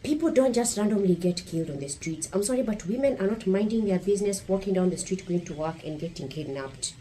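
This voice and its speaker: A woman's voice: medium pitch, expressive, fast, mellow, a little hiss or hum, poor audio. A woman from Kenya with a Kenyan accent, giving blunt, provocative vlog commentary straight to her viewers. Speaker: vlogger. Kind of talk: opinionated casual vlog commentary.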